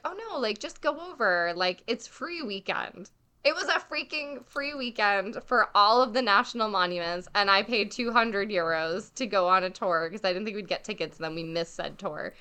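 Young woman, bright clear tone, lively anecdote-teller in casual podcast chat. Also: medium pitch. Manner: animated storyteller, acts out quotes, many fillers. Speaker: podcast co-host telling a travel story.

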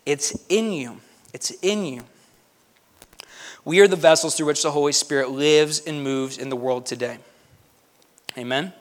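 A man preaching a lively sermon, emphatic and joking, swinging between loud bursts and hushed asides. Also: fairly high pitch, a little slow, pauses often. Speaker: pastor.

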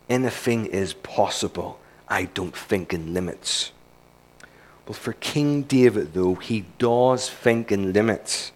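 Guy giving a sermon at church, earnest and emphatic, piles up repeated lines, mid-range voice. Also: mid-range voice. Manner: earnest, emphatic, building points through repetition. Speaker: preacher. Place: church service.

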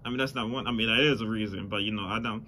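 A young man hosts a casual solo podcast outdoors, where faint car traffic can be heard, first on a phone mic and later on a plugged-in mic. His fairly low voice is steady, bright and forceful, and he talks very fast, rambling and swearing freely.

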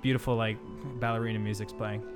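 A man's voice: on the low side, level tone, fast talker, soft background music. A man hosting a casual comedy podcast, rambling and laughing with many fillers. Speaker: podcast host.

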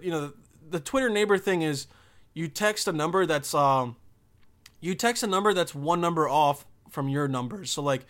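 High-voiced young man ranting profanely. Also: fairly bright tone. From Bosnia. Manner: rambling, profane, emphatic. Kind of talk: casual profane monologue.

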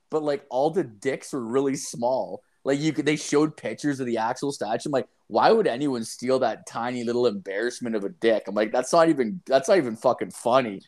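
A man with a mid-range voice talks fairly fast, barely pausing, as he tells a story in casual chat. He's animated, rambling and profane, peppering his speech with "like" and "dude" and acting out the lines he quotes.

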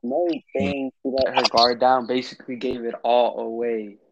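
A man's voice: medium pitch, flat delivery, moderate pace, lo-fi sound. A young man co-hosting a casual podcast, joking and exasperated in slangy talk. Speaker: podcast co-host. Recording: noisy background hiss.

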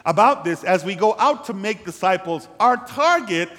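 High-voiced preacher in a reverberant church. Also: male voice, expressive, moderate pace, a bit bright. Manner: preaching with call-and-response to the congregation; rises in pitch and volume when urging the room. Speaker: pastor. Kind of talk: sermon. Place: church sanctuary. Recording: long hall reverb.

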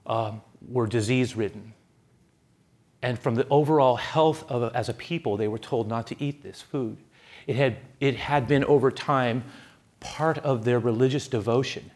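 A man pastor delivering a sermon, telling a story with animated re-enactments. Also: mid-range voice. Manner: animated storytelling, acting out scenes.

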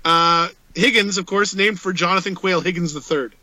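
Bright high-voiced man. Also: moderate pace, dry recording, rough recording. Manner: reads out street facts with playful asides. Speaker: podcast co-host. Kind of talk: casual chat.

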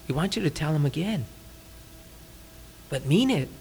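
Lively, high-voiced preaching pastor. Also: male voice, normal speed, gravelly, slight background noise. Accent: Californian. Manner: conversational, asks the audience rhetorical questions; drops to a soft, hushed voice for emphasis. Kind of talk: sermon. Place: church.

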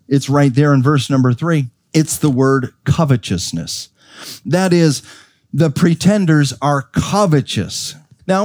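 A middle-aged man preaching with emphatic energy, tossing rhetorical questions at his listeners. His voice sits at an ordinary pitch but leaps upward for stress. The recording is dry, with little room sound. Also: darkish tone, no room sound. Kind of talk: sermon.

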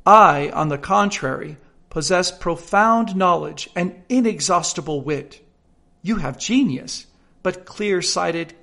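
A self-satisfied storybook parrot, put on by a man reading aloud, lecturing the other birds and bursting into shrill, loud squawks. The voice stays high with a gravelly rasp. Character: smug, boastful pet parrot, male.

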